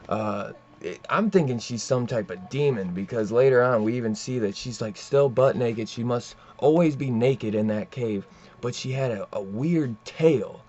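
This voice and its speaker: A man's voice: mid-range voice, darkish tone, dull audio. Casual man rambling through a plot recap. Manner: rambling, profane plot retelling with many fillers. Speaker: comic book reviewer. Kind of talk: casual comic book review.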